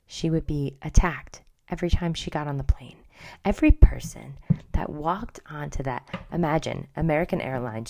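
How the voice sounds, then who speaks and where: Chatting casually about pop culture, a middle-aged podcast host gossips and frequently drops into whispered asides. She has a low, mellow voice.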